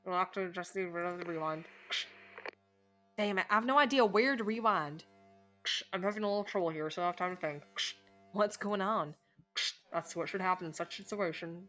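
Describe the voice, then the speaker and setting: A woman's voice: lowish voice, moderate pace, pauses often, a bit bright, soft background music. A woman streamer reading a game's dialogue and narration aloud during a live playthrough, cursing and laughing at the story as she goes. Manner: reads all game text aloud, swearing and laughing at the story.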